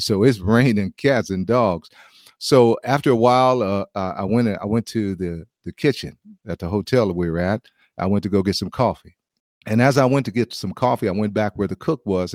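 Low-voiced man telling a faith story. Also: no echo, studio quality. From United States. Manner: animated storyteller with restarts and chuckles. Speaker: former pro baseball player giving testimony. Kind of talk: preaching testimony storytelling.

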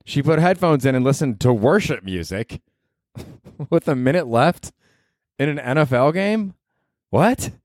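A man's voice: mid-range voice, animated, measured pace, pauses often, a little mellow, no echo, clean studio sound. A young man hosting a comedy podcast, rambling and cursing in a self-mocking way. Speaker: podcast host. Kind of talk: casual comedic monologue.

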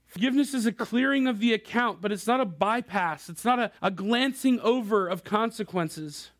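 Youth pastor type, thirties, man with a very high voice, chatty laid-back preaching. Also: moderate pace, a bit bright. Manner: casual, conversational preaching to a young crowd. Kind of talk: sermon.

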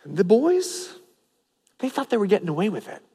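A man preaching a sermon as a pastor, animated, acting out the people in his story with a voice that rises and drops. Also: high voice, normal speed, breathy edge. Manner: animated, acts out the people he preaches about, voice rising and dropping. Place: church sanctuary. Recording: long hall reverb.

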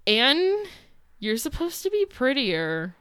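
A woman voicing a petulant, self-pitying king in a history chat, complaining in a flat, lively voice. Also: high voice, slow pace, clean tone, dry recording, voice pushed up, heavily acted. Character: pompous petulant king, middle-aged man.

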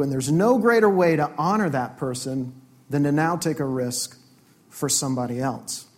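A man preaches a sermon in church with a slightly high voice. He speaks earnestly, drives his points home by repeating phrases, and voices example prayers as if speaking them himself. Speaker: pastor.

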